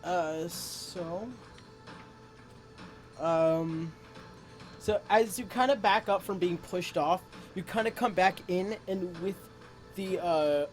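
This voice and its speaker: Low-voiced woman running a tabletop game. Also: takes it slowly, long pauses, darkish tone, soft background music. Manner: casual, swears when dice go badly. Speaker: game master.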